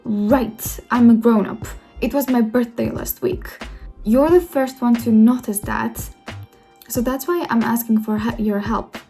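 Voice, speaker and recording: Woman voicing a young man, broke and job-hunting; slow, gravelly, dry. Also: fairly high pitch, steady tone, mellow. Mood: indignant. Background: faint music.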